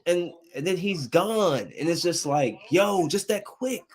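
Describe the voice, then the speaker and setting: A man's voice: high-pitched, expressive, unhurried. A man hosting his own podcast, chatting casually and with feeling about his week. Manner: loose and heartfelt, drifting between grief and upbeat chatter. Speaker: podcast host. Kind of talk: casual solo podcast talk.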